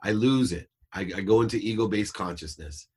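Husky low-voiced middle-aged man. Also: a little fast, a little mellow. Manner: earnest, reflective, emphatic. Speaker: guest. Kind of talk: podcast interview storytelling.

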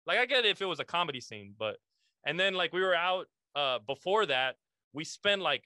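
A man hosting a podcast, with a bright, forceful voice that sits a bit high. He tells stories in an animated, casual way, swearing freely. The sound is close and dry, with no room echo. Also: fairly quick. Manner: animated storytelling, heavy swearing, says "bro" and "like" often. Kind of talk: casual chat.

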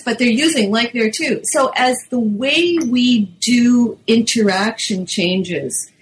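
A woman's voice: on the high side, takes it slowly, few pauses, poor audio. Woman linguist explaining language change. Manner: lively, acts out teen quotes. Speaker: linguist author interviewed about her book. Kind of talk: explanatory interview answers. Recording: faint background noise.

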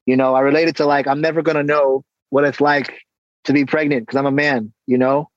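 Man, casual interview guest, animated storytelling, slightly dull dry recording. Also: mid-range voice, a little fast, dry recording. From San Diego, California. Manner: animated storytelling, acts out exchanges. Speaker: guest, hip-hop artist and coach.

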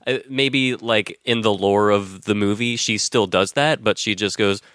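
A man's voice: lowish voice, a little slow, no echo, clean studio sound. A man co-hosting a casual podcast, cracking jokes and swearing casually. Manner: jokey, animated, swears casually. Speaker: podcast co-host. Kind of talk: casual chat.

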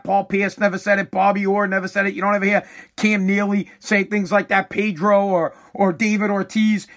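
A fed-up man, swearing freely as he rants through a long casual monologue. His voice sits notably high for a man, and his delivery is emphatic and exasperated. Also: sharp tone. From New England. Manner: exasperated, profane, emphatic ranting.

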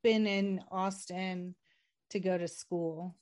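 A woman's voice: lowish voice, steady tone, slow pace, a little mellow. A woman co-hosting a casual movie-review chat, talking loosely with many filler words. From Texas. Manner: chatty, lots of "like" fillers. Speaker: podcast co-host.

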